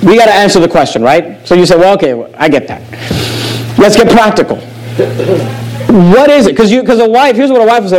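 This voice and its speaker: A man preaching a sermon as pastor, emphatic, repeating phrases and dropping low to stress key words. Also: expressive, fairly quick, long pauses, low-quality recording. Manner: emphatic preacher with sharp pitch drops and repetitions.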